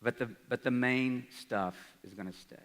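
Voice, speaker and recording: Man, forties, lively speech to a crowd, mid-pitched voice, long hall reverb. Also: normal speed. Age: 40s. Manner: energetic, rhetorical, asks the crowd "right?". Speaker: college president. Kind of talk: speech to an audience. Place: large hall.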